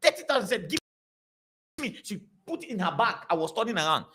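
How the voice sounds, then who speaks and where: Guy preaching, bright voice, keeps repeating himself, all over the place pitch-wise. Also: moderate pace. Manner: animated, repetitive, storytelling. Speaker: pastor. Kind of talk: preaching to a congregation.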